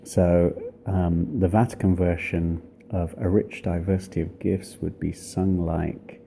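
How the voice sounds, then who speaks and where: Man, church music teacher, husky and gravelly, halting explanatory delivery. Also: low-pitched, fairly even intonation, mellow. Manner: thoughtful, hesitant, many pauses and fillers. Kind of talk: informal spoken lesson on chant.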